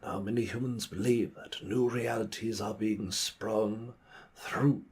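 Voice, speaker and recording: A man channeling a grandiose male alien entity in a put-on foppish British accent, lecturing slowly and earnestly. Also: lowish voice, fairly even intonation, a little mellow, husky. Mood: solemn. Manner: slow, earnest, New Age lecturing. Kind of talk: played channeling video.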